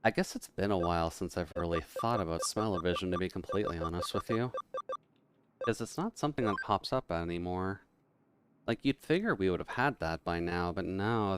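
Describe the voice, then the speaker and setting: A man's voice: deep voice, normal speed, noisy background. A man chatting casually on a live game stream, rambling and joking with viewers. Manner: rambling, joking, laughs often. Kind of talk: casual live-stream chat while gaming.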